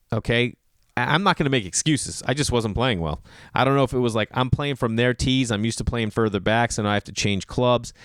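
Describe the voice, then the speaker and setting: A man's voice: medium pitch, clean tone, no room sound, clean studio sound. A man who does stand-up, telling funny stories in a casual podcast monologue. He says "like" a lot and acts out other people's lines. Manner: animated, leans on "like", acts out other people's lines in raised voices. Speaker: stand-up comedian and podcast host. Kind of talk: casual comedic storytelling monologue.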